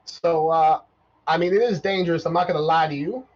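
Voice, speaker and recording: A man voicing a cheerful, folksy male robot who runs a trivia game, in a high, bouncy voice full of old-fashioned exclamations. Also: brisk, natural voice. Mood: chatty. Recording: dull lo-fi mic.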